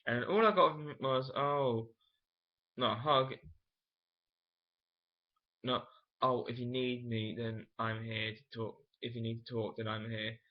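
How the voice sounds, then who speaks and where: A young man talks straight to camera, candid and meandering, often stopping to correct himself. His voice sits at an ordinary middle pitch. The sound is a little dull and lo-fi, like a home video. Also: fairly even intonation, a little slow, pauses often. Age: late teens. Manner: rambling, many fillers and self-corrections, candid. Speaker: vlogger. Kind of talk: casual personal storytelling to camera.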